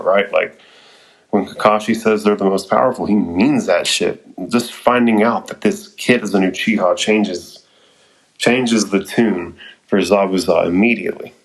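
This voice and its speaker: A man casually recapping and commenting on an anime episode, swearing now and then and trailing off with fillers and excited asides. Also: on the low side, vocal fry, poor audio.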